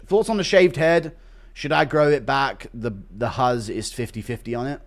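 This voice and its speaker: A man's voice: medium pitch, normal speed. A man hosting a livestream, reading chat donations and ranting with heavy swearing. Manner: profane, ranting, animated. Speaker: livestream host.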